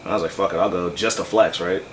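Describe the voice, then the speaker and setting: A man with a very low voice tells a long, loose story packed with fillers and swearing. He is heard from a distance off the mic, and a faint room hum sits behind him. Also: fairly even intonation. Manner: loose, profane, fast-moving anecdote with many fillers. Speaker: rapper telling a story. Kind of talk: casual storytelling.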